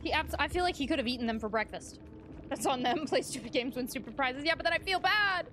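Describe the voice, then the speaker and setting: A woman's voice: sits high, animated, fast talker, bright, forceful tone, a little hiss or hum. A young woman live-streaming a game, chatting casually, giggling and greeting her chat.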